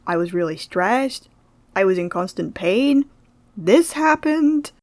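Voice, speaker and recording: A young woman narrating her own animation project in a calm, reflective vlog voice. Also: lowish voice, unhurried, dry recording. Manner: flustered, exasperated, laughing and near tears. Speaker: animator vlogger. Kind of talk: vlog narration and screen-recorded reactions. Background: background music.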